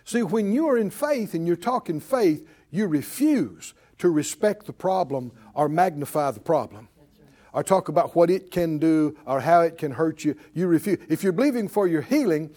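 Animated preacher man, lively high voice. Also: normal speed. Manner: animated storytelling, acting out voices. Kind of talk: sermon.

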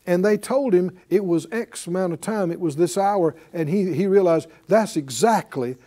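A man preaching a sermon, asking his congregation questions and acting out shouts of praise. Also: sits high, moderate pace. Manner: animated, calls out to the congregation and acts out shouts of praise.

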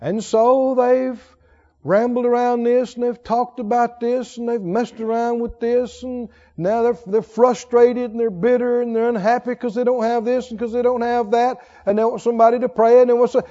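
Pastor, male, very high voice, emphatic call-and-response preaching; muffled recording in a big echoing sanctuary. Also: flat delivery, moderate pace, warm tone. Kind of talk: sermon. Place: church sanctuary. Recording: dull sound with long hall reverb.

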